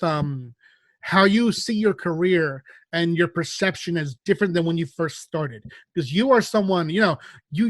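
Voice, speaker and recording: High-voiced man hosting, teasing. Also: a bit bright, no echo. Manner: teasing, bantering, casual swearing. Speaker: podcast host. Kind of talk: casual podcast chat.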